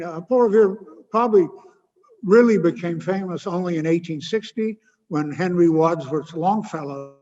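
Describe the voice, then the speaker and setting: A man giving an informal history lecture, halting often with filler sounds and adding wry asides. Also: on the high side. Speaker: guest speaker. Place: lecture hall. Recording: muffled with long hall echo.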